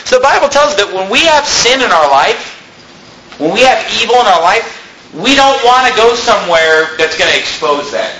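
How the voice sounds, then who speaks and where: Male pastor, high bright voice, animated sermon delivery in an echoey hall. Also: moderate pace, a little hiss or hum. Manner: animated preaching, mimics people in quotes.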